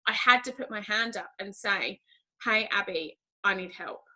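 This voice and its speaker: British woman being interviewed, bright voice, chatty and candid, lots of "you know". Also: mid-range voice, normal speed, low-quality recording. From Britain. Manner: chatty, candid and animated, many fillers. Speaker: interview guest, team leader. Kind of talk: casual interview talk.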